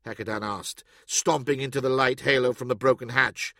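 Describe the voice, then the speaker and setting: A man reading an audiobook in steady, even scripted narration. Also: mid-range voice, normal speed, no room sound, clean studio sound.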